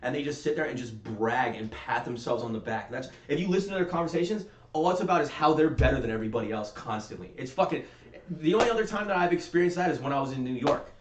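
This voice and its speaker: Fast-ranting East Coast-sounding man. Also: mid-range voice, expressive, a little hiss or hum. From Las Vegas, USA. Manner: aggressive, profane, ranting. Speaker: podcast host. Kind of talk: casual chat. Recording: roomy podcast room.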